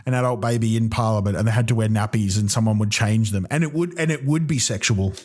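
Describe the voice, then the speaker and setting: A man's voice: lowish voice, quick pace, darkish tone. A man hosting a comedy podcast, delivering a profane, rambling solo rant with many ums and restarts. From Australia.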